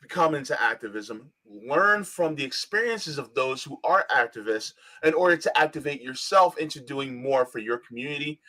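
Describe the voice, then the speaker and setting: A man hosting a livestream panel, talking in a measured, reflective way with many fillers. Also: on the high side, sharp tone. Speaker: livestream host.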